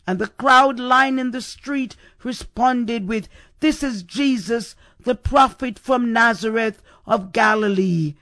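A man's voice: very high-pitched, takes it slowly, hardly any pauses, bright, forceful tone. A man preaching a sermon, building up to repeated rhetorical questions with emphasis.

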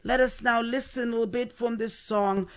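A man's voice: extremely high pitch, steady tone, moderate pace, a bit bright. A man preaching a sermon, building up to repeated rhetorical questions with emphasis.

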